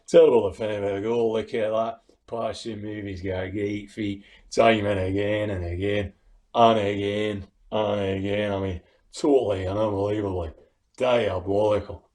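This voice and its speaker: A man's voice: fairly low pitch, fairly even intonation, darkish tone, pitched below the performer's own voice, natural voice. A man doing a drawling middle-aged Scottish football pundit with a west of Scotland accent. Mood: scornful. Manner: slow drawl, dismayed.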